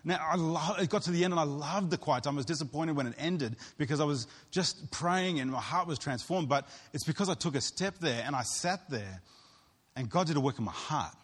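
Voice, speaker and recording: A man's voice: fairly high pitch, expressive, fairly quick, fairly bright tone, husky. A man preaching a sermon as pastor, earnest and storytelling, acting out what other people said. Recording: long hall reverb.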